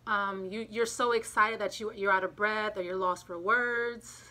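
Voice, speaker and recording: A woman's voice: medium pitch, steady tone, a little slow, pushed and bright. Breathless woman doing a chatty tarot reading. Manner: rambling, chatty, repeats herself. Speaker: tarot reader. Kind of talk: casual tarot reading to camera. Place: front room of a home by a street. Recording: home recording with clear street noise. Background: street noise, passing cars.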